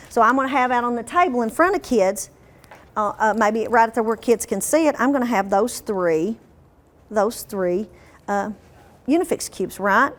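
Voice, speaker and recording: A woman leads a teacher training workshop. She quizzes the room and stretches demo words out slowly. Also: on the high side.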